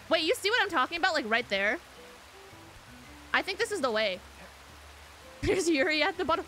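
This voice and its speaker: A woman's voice: high-pitched, very animated, moderate pace, long pauses, bright, forceful tone, faint music behind. A young woman streaming a game, reacting jumpily, swearing, shrieking and reading chat aloud. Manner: jumpy, swears a lot, frequent shrieks.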